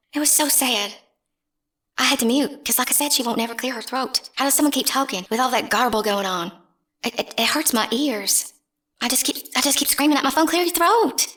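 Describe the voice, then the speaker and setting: Young woman, vlog host, rambling and scornful, slightly high voice. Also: a bit bright. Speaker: channel host. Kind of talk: casual vlog rant.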